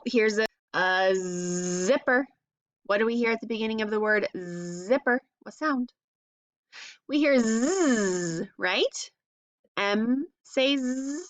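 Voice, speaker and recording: A woman teaching phonics to young children, sounding out letters slowly and asking encouraging questions. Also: mid-range voice, a bit bright, dry recording.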